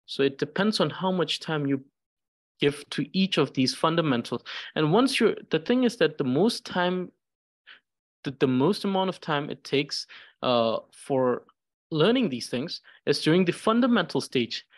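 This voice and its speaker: Slow, patient male language teacher. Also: fairly high pitch, lively intonation. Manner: slow and patient, repeats each syllable many times. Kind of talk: pronunciation lesson, reading syllables aloud.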